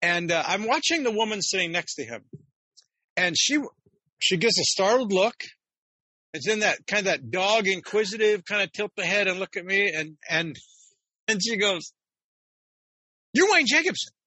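A man's voice: high-pitched, normal speed, no room sound, low-quality recording. A man casually telling stories on a talk show, acting out the people he quotes and laughing often. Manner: animated, acts out quotes with laughs. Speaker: podcast host and author. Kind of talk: casual storytelling chat.

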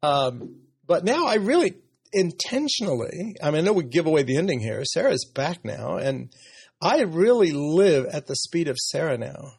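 A man in his sixties, a podcast host, talking candidly and emotionally about his life in a personal conversation, with soft laughs. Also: on the high side, big pitch swings, moderate pace, vocal fry, husky, no echo, clean studio sound. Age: 60s.

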